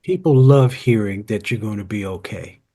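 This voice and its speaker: Husky-voiced male interview host. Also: on the low side, moderate pace, warm tone. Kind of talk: casual interview chat.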